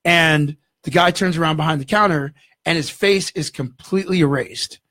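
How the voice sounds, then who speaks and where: A man, a guest in an interview, telling a story in an animated way and acting out the voices in it. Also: a little high, moderate pace, no echo, studio quality. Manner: animated, acts out dialogue in the story.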